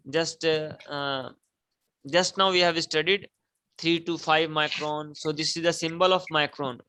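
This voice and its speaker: A man's voice: on the high side, bright, forceful tone, smooth, poor audio. A male teacher, giving a classroom lecture, repeating key points and asking students to repeat after him. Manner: repetitive, emphatic, prompts students to repeat.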